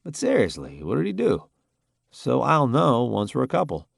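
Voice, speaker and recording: A cocky young man full of mocking banter, as a narrator puts him on for an audiobook. The voice is pushed higher than the narrator's own, bouncing around in pitch with a gravelly edge. Close, dry sound. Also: huge pitch swings, normal speed, dry recording, full character voice.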